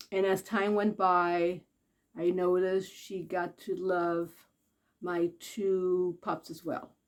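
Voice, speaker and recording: Here a female vlogger chats casually through a personal anecdote. Quoted lines come out high-pitched, while the sorrowful stretches are delivered softly and quietly.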